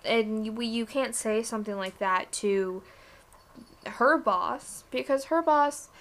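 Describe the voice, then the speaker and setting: Chatty young woman, candid and animated. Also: a little high, slow pace. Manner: candid, animated, swears casually. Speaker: podcast co-host. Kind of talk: casual chat.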